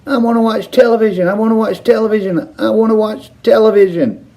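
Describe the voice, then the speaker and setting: A man voicing a tiny, bratty shrunken boy with a squeaky, whiny voice in a storybook reading. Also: expressive, slow, creaky, mellow, exaggerated voice, low-quality recording. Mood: tantrum.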